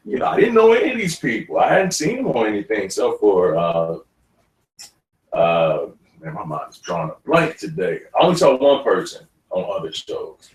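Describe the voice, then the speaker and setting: A man, an actor guest in an interview, telling stories in a lively way and laughing often. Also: lowish voice, moderate pace. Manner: animated storyteller, laughs often. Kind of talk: casual interview talk. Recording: roomy studio, mic at a distance.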